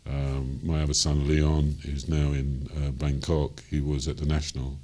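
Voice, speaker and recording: A man's voice: a bass voice, flat delivery, moderate pace, darkish tone. An older man with a Cockney accent, a jazz singer telling stories from his life in a rambling way, full of ums and you-knows, chuckling as he goes. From London, England. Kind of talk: interview storytelling.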